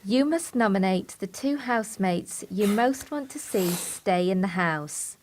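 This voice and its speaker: A woman reads formal announcements in a measured, unhurried way. A faint hiss of noise sits behind her voice. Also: mid-range voice, animated. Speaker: show's announcer voice.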